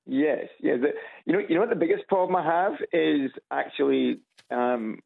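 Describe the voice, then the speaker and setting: A man from Edinburgh with a Scottish accent, calling in to a radio show and chatting in a halting way with many restarts. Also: fairly high pitch, gravelly. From Scotland. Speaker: radio caller. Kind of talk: phone-in chat. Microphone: phone on loudspeaker. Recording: tinny phone line on radio.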